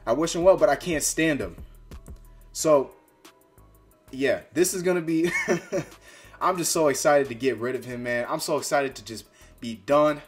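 A man's voice: fairly high pitch, normal speed, pauses often, soft background music. A man hosting a sports fan vlog, talking in a fired-up, trash-talking, conversational way. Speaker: sports fan channel host.

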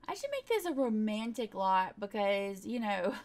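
A high-pitched woman narrates her gameplay in a casual, rambling way. She grumbles at the game's rules and chats to the characters on screen as she plays. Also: big pitch swings, normal speed, hardly any pauses, a little mellow. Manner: chatty, exasperated, talks to the game and her pets. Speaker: gaming YouTuber.

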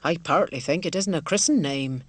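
A kindly, simple village wife from a storybook, earnest and motherly, her homely country dialect rolling out in a lowered, even voice, as a woman reads her. The sound is dry and close. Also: moderate pace, slightly rough, no room sound. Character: kindly rural village wife, middle-aged, simple and devout.

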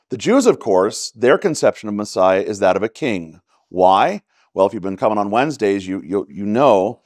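A man's voice: fairly low pitch, no room sound, studio quality. A man with a Texan accent teaching a church Bible study in a conversational way, often checking in with "right?". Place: church classroom.

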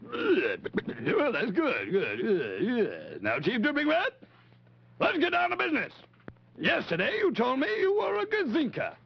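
A man's voice: extremely high pitch, huge pitch swings, a little slow, gravelly, breathy edge, exaggerated voice. A man voicing a pompous, blustering male puppet chief on a 1950s children's TV show, bellowing his demands. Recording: dull lo-fi 1950s TV audio.

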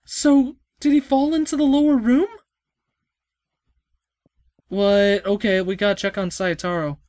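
A woman hosting a let's play, reading game dialogue aloud and reacting with excitable yelps, gasps, stammers and swearing. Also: medium pitch, measured pace, no room sound.

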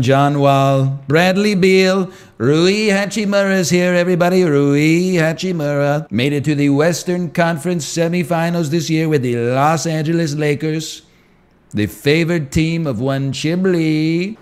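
A man's voice: fairly high pitch, unhurried, lightly acted. A man doing a comedic impression of a boastful older showman politician, repeating names like a rally announcer.

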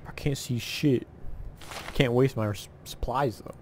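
A man's voice: mid-range voice, measured pace, darkish tone, slight background noise. A young man giving crude, sarcastic commentary while playing a horror game. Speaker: let's play gamer. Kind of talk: casual gameplay commentary.

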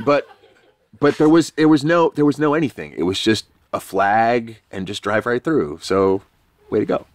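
A man's voice: fairly low pitch, expressive, normal speed. A man from New York, a podcast guest, telling a rambling, self-deprecating story in a casual, swearing way.

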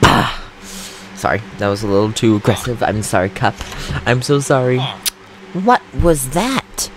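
A man's voice: fairly low pitch, moderate pace, a bit bright, soft background music. A man casually commenting on his own gameplay, goofy and chatty, giggling often and getting jumpy and nervous. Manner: jumpy, nervous about threats. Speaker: gaming channel host. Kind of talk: Let's Play commentary.

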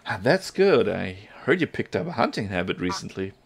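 A man's voice: on the low side, very animated, moderate pace, vocal fry, breathy edge, heavily acted. A man voicing a shrewd, fatherly village elder who talks persuasively.

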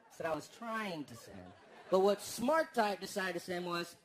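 A man doing a stand-up comedy set on stage, telling stories deadpan and then bursting into loud, exaggerated rants. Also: high-pitched, moderate pace. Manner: deadpan storytelling that breaks into loud, exaggerated outbursts. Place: comedy stage before a live audience. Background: audience laughter and applause.

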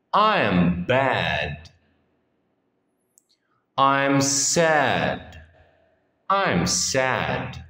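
Slow, sing-song male English teacher. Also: mid-range voice, pushed and bright. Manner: reads each phrase on its own with pauses, often repeating it. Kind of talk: slow phrase-by-phrase lesson reading. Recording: echoey room with long reverb.

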